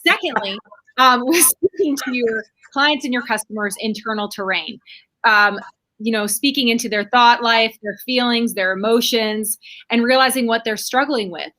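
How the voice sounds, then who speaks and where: A woman's voice: a little high, moderate pace, sharp tone. A woman on a video call sharing business tips in an earnest, coaching tone, with frequent fillers. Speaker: panelist. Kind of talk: casual chat.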